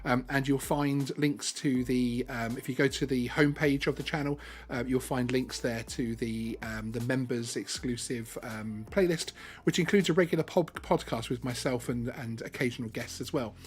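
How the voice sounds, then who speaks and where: A man's voice: mid-range voice, normal speed, hardly any pauses. Chatty man hosting a live stream. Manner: chatty, lots of ums and restarts. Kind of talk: casual live stream chat.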